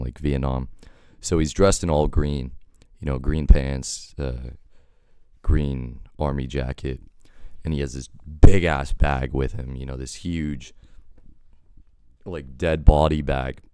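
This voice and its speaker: A man's voice: rumbling low, dark tone, smooth, dry recording, clean studio sound. A sick man rambling through a casual storytime monologue, wry and packed with fillers. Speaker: storytelling vlogger.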